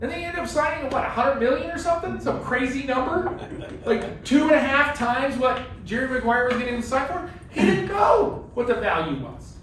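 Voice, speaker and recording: A man running a casual real estate training workshop, animated and joking, often asking "right?". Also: very high-pitched, normal speed. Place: classroom with a group. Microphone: phone camera from across the room. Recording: very echoey room, distant, faint hiss.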